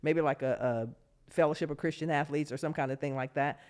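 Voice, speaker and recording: Animated woman telling stories. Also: a little fast. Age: 50s. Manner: animated, acts out quotes with big pitch jumps, laughs often. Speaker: guest, former pro basketball player. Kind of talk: podcast interview storytelling.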